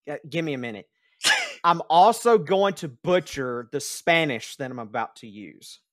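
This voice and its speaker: A male game master narrates a tabletop game over a voice call, hesitant and self-deprecating. His pace is slow and deliberate. The sound is dry and close. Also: a little high, huge pitch swings, a bit bright, no echo.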